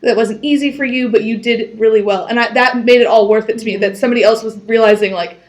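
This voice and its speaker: A woman's voice: fairly high pitch, fast talker. A young woman co-hosting a casual podcast, animatedly telling a story from her job and quoting the people involved. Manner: animated storytelling with quoted dialogue. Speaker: podcast co-host. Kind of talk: casual chat.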